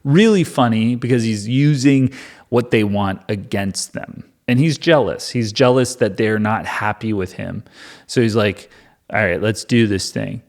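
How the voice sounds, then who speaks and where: A man's voice: lowish voice, unhurried, darkish tone. Amused man in casual commentary. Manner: amused, conversational, with many filler "like"s. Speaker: Bible-reading YouTuber.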